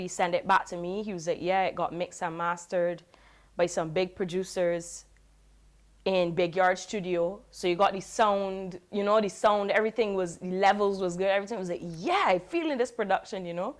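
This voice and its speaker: A woman reggae singer, reflecting in a relaxed, casual interview. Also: fairly low pitch, moderate pace. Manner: relaxed, reflective, with many "you know" fillers.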